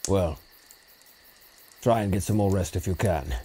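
A man voicing a gruff, steady male companion who speaks with low, calm concern. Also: unhurried, a little hiss or hum.

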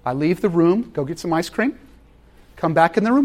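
Animated high-voiced male preacher. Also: moderate pace, soft background music. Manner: animated, acts out quoted voices, laughs often. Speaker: pastor. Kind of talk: sermon.

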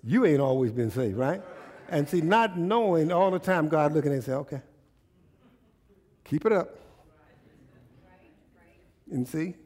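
A man's voice: on the high side, animated, moderate pace, darkish tone. A man preaching a sermon as pastor in front of his church congregation, folksy and conversational, often asking the listeners rhetorical questions.

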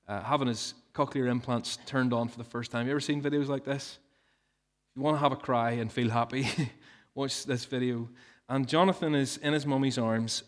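A man preaches with earnest emphasis and asks his listeners pointed questions. His voice sits a little higher than most men's. He sounds like a pastor in his thirties. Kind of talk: sermon.

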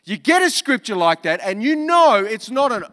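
A man's voice: very high-pitched, sing-song, normal speed, fairly bright tone, long reverb tail. A man preaching a sermon as pastor, emphatic, repeating key lines with joking asides.

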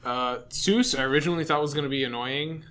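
A man's voice: on the high side, quick pace, pushed and bright. A man chatting casually as a podcast guest, eagerly jumping in with comments. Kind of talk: casual chat.

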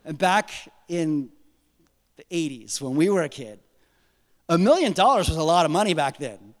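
A pastor in his forties with a high voice delivers a lively sermon, acting out prayers in different voices and slipping in joking asides. His voice rings with the long reverb of a large hall. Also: fairly quick.

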